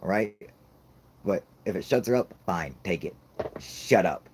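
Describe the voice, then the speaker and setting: A man's voice: low voice, animated, measured pace, a little mellow, slight background noise. A man ranting about his toddler in a casual chat, swearing constantly and laughing at his own jokes. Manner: profane, laughing, rambling comic rant. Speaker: podcast host.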